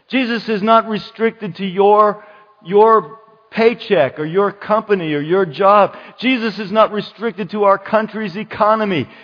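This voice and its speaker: A man preaching a sermon as pastor, lively and dramatic, acting out the voices of the people in his story. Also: high-pitched. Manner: animated, acts out quoted voices. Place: church. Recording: muffled church hall sound with long reverb.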